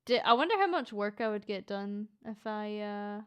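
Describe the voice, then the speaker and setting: A Scottish woman chatting casually on a live stream as she reads chat, playful and quick to laugh, with the odd swear word. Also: medium pitch, expressive, smooth. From Scotland. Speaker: VTuber streamer reading chat.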